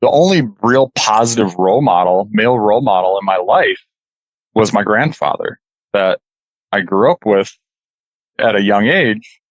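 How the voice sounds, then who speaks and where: A man telling a deeply personal story as a radio interview guest, earnest and halting, holding back tears. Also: lively intonation, no room sound, highs cut off. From California.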